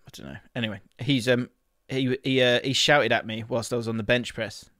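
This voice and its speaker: A man's voice: mid-range voice, steady tone, a little fast, sharp tone, no room sound. Chatty London man, dry close sound. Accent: London English. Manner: chatty, self-mocking, laughs at his own stories. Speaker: podcast co-host. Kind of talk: casual football chat.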